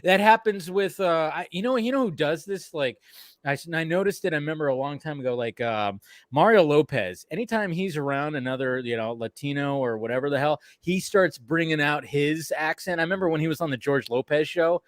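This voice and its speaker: A man's voice: fairly high pitch, animated, brisk, no room sound, studio quality. A man from Alabama chatting on a film stream panel, rambling and swearing freely as he talks. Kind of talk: casual chat.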